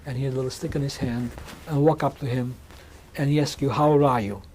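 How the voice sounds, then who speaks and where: A man in his sixties giving a measured oral history testimony in an interview, often restarting and repeating words as he speaks. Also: mid-range voice, fairly even intonation, warm tone, a little hiss or hum. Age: 60s. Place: museum interview room.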